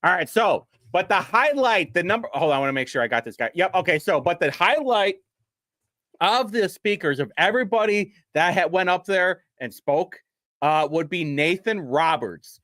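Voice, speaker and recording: A man's voice: high voice, animated, moderate pace, a bit bright, no room sound, clean studio sound. A young man hosting a casual live stream, rambling and mocking with frequent laughs. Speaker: streamer host.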